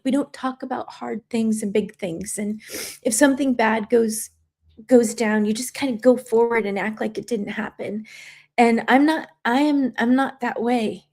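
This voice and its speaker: A woman hosts a livestream, crying as she talks earnestly and reads viewer comments aloud. Her voice is on the high side with a darkish tone.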